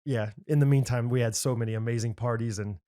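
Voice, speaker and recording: A man in his thirties co-hosting a podcast, telling a camp story in casual chat and acting out the quotes loudly. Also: medium pitch, steady tone, fast talker. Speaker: podcast co-host.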